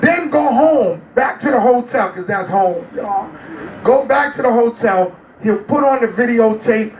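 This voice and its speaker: High-voiced man telling stories, echoey and distant. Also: a little slow, muffled recording, slight background noise. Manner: lively, acts out other people's voices while telling stories. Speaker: interview guest. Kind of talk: animated storytelling. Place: on a cruise ship. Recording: echoey room, mic at a distance.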